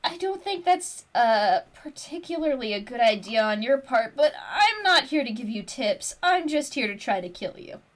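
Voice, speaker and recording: A woman voicing a male lion mercenary who threatens softly and calmly. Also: a little high, normal speed, few pauses. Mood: blunt. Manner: gentle, quietly threatening. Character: menacing male lion mercenary, calm and predatory.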